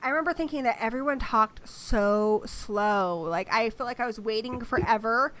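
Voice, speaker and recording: A woman from Britain hosting a casual livestream chat, with an American accent that carries traces of British and a fast, chatty way of talking. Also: a little high, a bit bright. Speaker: host.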